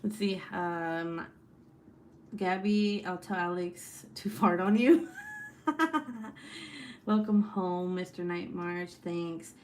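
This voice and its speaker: A woman's voice: fairly low pitch, extremely slow, long pauses, a little hiss or hum. Laughing, foul-mouthed woman livestreamer. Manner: swears freely, laughs often, animated and chatty. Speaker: livestream host. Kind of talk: casual chat and storytelling.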